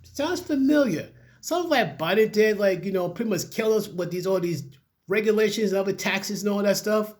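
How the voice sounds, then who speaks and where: A man's voice: high-pitched, animated, normal speed. A man casually reading news articles aloud and breaking off with his own opinionated asides, often stumbling over the words.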